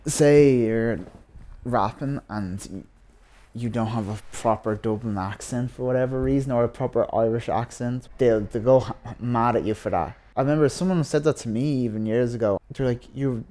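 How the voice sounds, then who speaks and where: A man's voice: mid-range voice, normal speed, warm tone. A man in a casual interview, speaking bluntly with swearing and easy laughs. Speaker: rapper interviewee.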